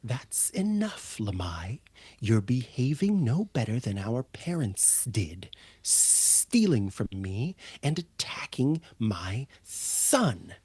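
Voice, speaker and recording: A man voicing a composed, imposing female kobold matriarch in a hushed, breathy whispered role-play, speaking in a measured, deliberate way. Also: medium pitch, very animated, no room sound, heavily acted. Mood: stern.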